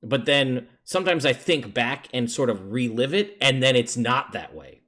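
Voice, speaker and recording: A man's voice: mid-range voice, lively intonation, moderate pace, fairly bright tone. A man voicing a weary grown monster hunter who rambles, trails off and sounds unsure. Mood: rambling.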